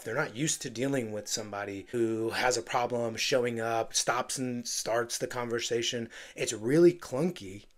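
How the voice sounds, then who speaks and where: A man coaching real estate agents on phone sales, talking emphatically and acting out bits of phone calls. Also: on the low side. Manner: emphatic, acts out phone calls with playful voices. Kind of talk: direct-to-camera sales coaching.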